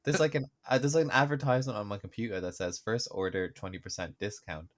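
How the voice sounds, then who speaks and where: A man's voice: fairly low pitch, fast. A young man co-hosting a podcast in casual, sarcastic chat. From Ireland. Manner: chatty, joking, sarcastic. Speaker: podcast co-host.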